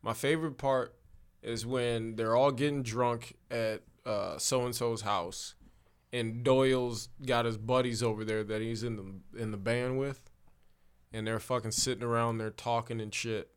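A Chicago man in a casual podcast chat, spinning a long story full of swearing and filler words. His voice sits at a middle pitch, and he laughs through his own telling. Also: steady tone, unhurried, smooth. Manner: rambling, profane, laughs while telling. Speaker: comedian podcast co-host.

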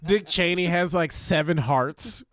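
A man's voice: on the high side, unhurried, a bit bright. A man from Chicago, a comedian co-hosting a podcast, riffing crudely and laughing with friends. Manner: profane, riffing, laughs often. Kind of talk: crude banter between friends.

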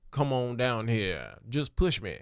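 Brief: sleazy low-key lewd braggart, hushed deadpan, put on by a male comic. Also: measured pace, smooth. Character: sleazy man named Todd, crude braggart.

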